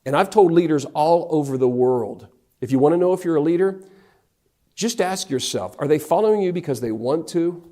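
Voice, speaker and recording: Animated middle-aged male keynote storyteller. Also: on the high side, normal speed. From North Carolina, US. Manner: animated, acts out the dialogue of his anecdotes. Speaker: motivational speaker.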